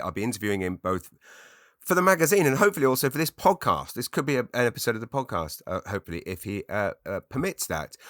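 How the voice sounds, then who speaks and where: Rambling man, low and chatty. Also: pushed and bright, no room sound, clean studio sound. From England. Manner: chatty, rambling, self-deprecating, frequent restarts. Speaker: podcast host. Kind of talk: rambling solo podcast monologue.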